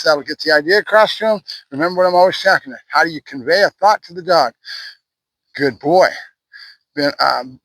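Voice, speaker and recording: A man's voice: a little high, a bit bright, no room sound, rough recording. A dog trainer explaining his method while giving short praise and corrections to a dog during a session. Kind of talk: instructional training demo.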